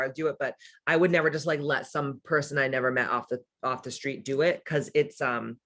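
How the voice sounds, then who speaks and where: A woman's voice: deep voice, fairly bright tone. A middle-aged woman with a smoky voice, hosting a casual livestream as a spiritual coach, reading viewer comments and talking candidly, with profanity and frequent laughter. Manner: candid and profane, laughs often, playful asides.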